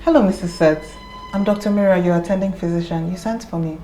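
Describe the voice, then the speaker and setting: An actress playing a composed young doctor with a Nigerian accent, speaking firmly and calmly. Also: female voice, fairly low pitch, quick pace, faint music behind, lightly acted. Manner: firm, calming. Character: composed young female doctor, firm but kind.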